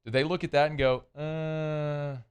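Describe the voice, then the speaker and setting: A sports radio host from with a low, resonant voice, talking through his views in a loose, conversational way. He restarts his sentences and drops in fillers as he thinks aloud at the studio mic. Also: moderate pace, clean tone. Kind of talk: sports talk radio commentary.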